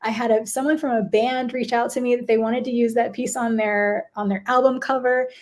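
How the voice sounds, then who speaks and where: A woman's voice: on the high side, fairly even intonation, brisk, a little mellow. A woman in her thirties, a podcast guest talking casually about her art career, chatty and laughing often. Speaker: podcast guest, gallery curator. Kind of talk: casual chat.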